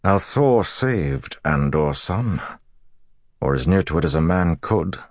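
A man voicing a grizzled older male general who talks gruffly and gravely. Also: low voice, animated, takes it slowly, dry recording, studio quality.

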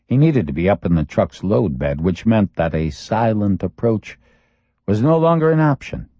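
A man narrates a thriller audiobook in a steady, measured way, his voice sitting very low. The recording sounds dull and lo-fi, dry and close with no room sound. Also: no echo.

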